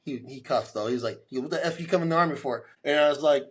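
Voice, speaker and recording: A man's voice: a little high, quick pace, slightly rough. A man in his forties as a podcast guest, telling a long story and acting out the voices of the people in it. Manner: animated storyteller, acts out quoted dialogue.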